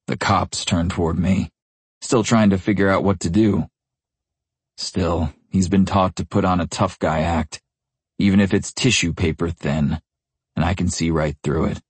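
A young man reads a first-person novel with gritty intensity. His voice is very deep and husky, recorded close and dry with no room sound. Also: steady tone, measured pace, no room sound. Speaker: audiobook narrator.

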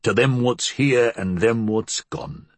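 A man voicing a big, rough-spoken working man who talks coarsely and slowly with a growl. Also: medium pitch, dry recording, natural voice. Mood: gruff.

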